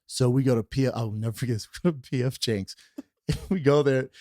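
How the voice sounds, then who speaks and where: A man's voice: mid-range voice, moderate pace, a little mellow, no room sound, clean studio sound. A man guesting on a podcast, telling a funny anecdote with lots of swearing and acted-out voices. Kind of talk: animated storytelling.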